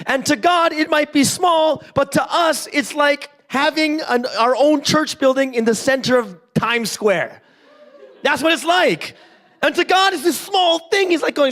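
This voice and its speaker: A man's voice: very high voice, moderate pace. A man from Canada, preaching an interactive sermon. He tells stories with gusto, acts out small voices, puts questions to the congregation and keeps checking in with "right?". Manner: animated storytelling, constantly checks in with "right?". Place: church service.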